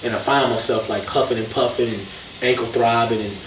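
Man telling animated stories, roomy distant sound. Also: medium pitch, a little fast. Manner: animated storytelling with slang. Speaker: hip-hop artist and guest. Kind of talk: casual interview conversation. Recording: roomy, distant mic, faint noise.

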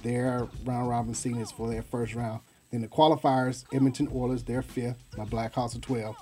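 Male sports-podcast co-host, mid pitch, relaxed chatter, lists matchups, soft music bed. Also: moderate pace. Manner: rattles off lists of teams, trails off quietly. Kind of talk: casual sports chat.

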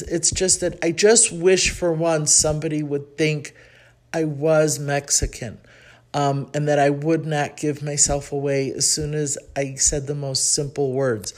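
A woman's voice: low-pitched, a little mellow. Chatty Chicago woman telling a story. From Chicago, United States. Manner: chatty and reflective, thinking aloud with frequent pauses. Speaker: podcast host. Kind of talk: personal storytelling monologue.

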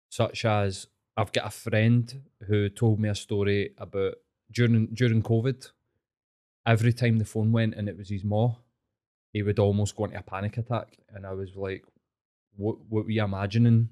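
A man's voice: lowish voice, steady tone, normal speed, mellow. A man, casually explaining ideas and swearing now and then.

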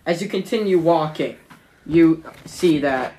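A game master narrating a tabletop game in a rambling way, with many pauses and restarts. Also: mid-range voice, warm tone, slight background noise.

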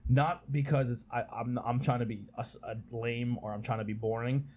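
A man's voice: medium pitch, steady tone, brisk, darkish tone, slight background noise. A man hosting a casual podcast chat, talking in a rambling way with many restarts, his voice strained from overuse. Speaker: podcast host.

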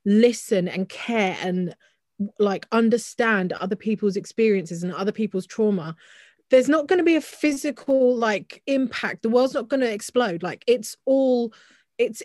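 A woman's voice: on the high side, a little mellow, no echo, studio quality. A woman co-hosting a casual podcast chat, heated and full of restarts and "like". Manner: heated, talks in restarts with frequent "like". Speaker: podcast co-host.

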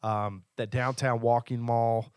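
A man's voice: medium pitch, little pitch movement, slow pace, darkish tone, clear, resonant tone, no room sound, studio quality. A man co-hosting a church podcast as an elder, talking in an eager, teasing, casual way. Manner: enthusiastic, teasing. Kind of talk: casual chat.

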